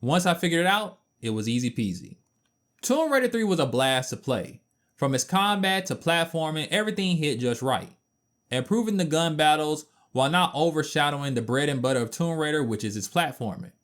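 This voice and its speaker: Male game reviewer reading a scripted voice-over; somewhat high pitch, very expressive, playful and mock-indignant. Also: fairly quick. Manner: animated, playful asides and mock outrage.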